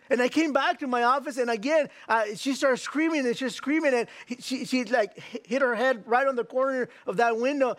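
A man's voice: extremely high pitch, fairly quick, no room sound. A man preaching a sermon, telling a story and then reading scripture in an earnest, repetitive way. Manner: storytelling, repeats words, earnest. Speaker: pastor.

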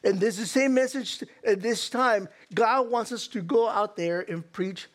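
A male preacher with a high voice delivers an animated sermon. He stammers and restarts often. He keeps throwing rhetorical questions at his listeners. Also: measured pace.

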